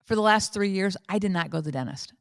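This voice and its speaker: A woman in her fifties hosting a faith podcast, telling a candid personal story with lively repetition. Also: medium pitch, fast, dry recording, studio quality. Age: 50s. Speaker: podcast host. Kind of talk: casual faith talk.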